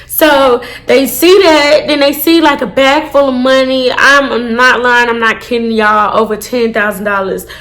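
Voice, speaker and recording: A woman telling a casual storytime to her viewers, animated and full of swearing. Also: high voice, unhurried, few pauses. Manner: animated, swears a lot, addresses viewers as y'all. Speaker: storytime vlogger.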